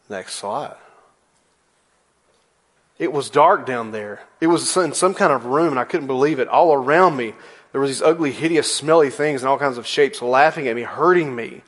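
A man's voice: medium pitch, unhurried, pauses often, fairly bright tone. A man in his forties preaching a sermon in a church, telling a story with playful asides. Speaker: pastor.

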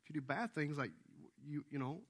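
A man's voice: on the high side, expressive, a little fast, husky. A man voicing his young daughter as she asks him worried, hesitant questions. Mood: earnest worried. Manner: hesitant, earnest. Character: worried young girl, his middle child.

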